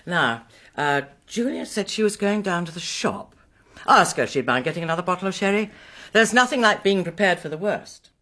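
An actress playing a brisk, capable middle-aged householder who reassures and organizes those around her in a radio drama. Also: fairly low pitch, animated, pushed and bright.

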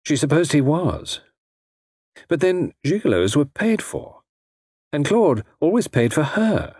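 A man's voice: on the high side, big pitch swings, a little slow, a little mellow, breathy edge, dry recording, studio quality. A man narrating a story as an audiobook, reading expressively with a wry tone.

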